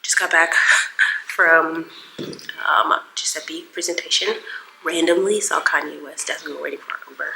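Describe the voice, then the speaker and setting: A woman's voice: deep voice, steady tone, moderate pace, creaky, sharp tone, echoey room, slight background noise, low-quality recording. A woman giving a casual fashion vlog update to the camera, chatty, with laughing asides. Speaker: fashion vlogger.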